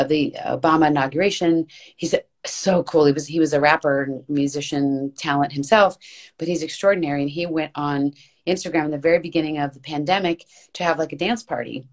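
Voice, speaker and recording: A woman guest in a casual interview, talking earnestly and emphatically, repeating words for stress and restarting her thoughts as she rambles. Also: low voice. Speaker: podcast guest, voice actress and coach.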